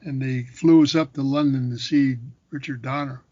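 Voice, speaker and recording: An older man, a former boxer turned actor, telling lively anecdotes in a casual interview, repeating phrases for emphasis. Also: mid-range voice, moderate pace, dry recording. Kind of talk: casual storytelling. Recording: dull, dry recording.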